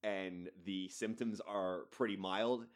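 A male podcast host delivers a solo rant in a fairly low voice. He is blunt and swears freely as he talks. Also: fairly even intonation, slow pace. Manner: profane, blunt and ranting.

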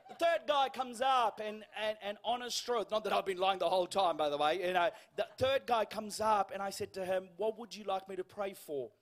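A man preaching a sermon in a church, telling a funny story and acting out the lines of the people in it, with quoted voices sinking to a hush. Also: high voice, brisk, few pauses. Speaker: guest preacher.

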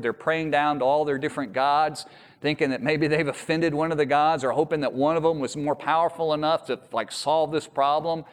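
A man preaching a sermon, telling a story with lively voiced quotes. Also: fairly high pitch. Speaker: pastor. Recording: echoey hall with long reverb.

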